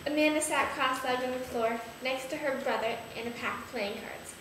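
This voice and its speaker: A woman's voice: high voice, fairly quick. A woman in a writing group reading a story aloud with mock drama, giggling at her own lines. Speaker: creative writing group member. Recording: very echoey room, background noise.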